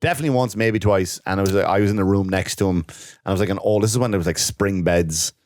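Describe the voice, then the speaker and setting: Low-voiced dude cracking jokes n cutting in, dry mic. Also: male voice, darkish tone, no echo. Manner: joking, quick interjections. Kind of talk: casual chat.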